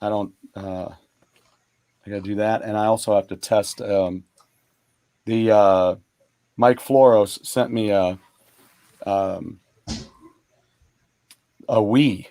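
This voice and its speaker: A man's voice: lowish voice, fairly even intonation, slow pace, long pauses, mellow, no room sound. A man co-hosting a casual gaming stream chat, rambling with lots of fillers. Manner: chatty, rambling with many fillers. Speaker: co-host.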